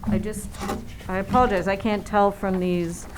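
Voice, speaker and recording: A woman's voice: mid-range voice, flat delivery, normal speed. Polite woman asking questions at a meeting. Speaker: commission member. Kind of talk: meeting discussion. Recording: noisy meeting room recording.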